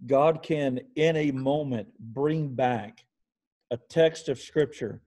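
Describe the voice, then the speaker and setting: A man hosting an interview, thoughtful and measured, often restating his points. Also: medium pitch, dark tone. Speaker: interview host. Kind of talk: casual interview conversation.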